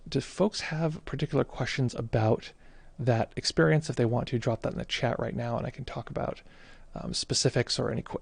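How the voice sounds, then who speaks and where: A man speaking as a meditation teacher in a casual livestream talk, reflective and halting with many fillers and restarts. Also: mid-range voice, gravelly, darkish tone, husky, no echo.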